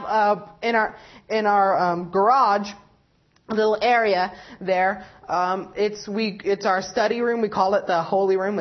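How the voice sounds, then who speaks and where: A young woman giving a personal religious testimony, rambling and halting, with many fillers and self-corrections. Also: mid-range voice, highs cut off. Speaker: lay preacher giving testimony.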